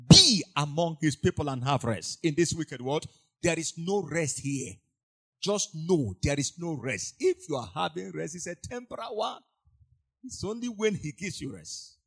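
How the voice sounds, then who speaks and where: Preacher guy, high voice swinging all over, repeats himself, goes quiet then shouts. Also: breathy edge. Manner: emphatic, repeats phrases, swings between soft asides and loud cries. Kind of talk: sermon.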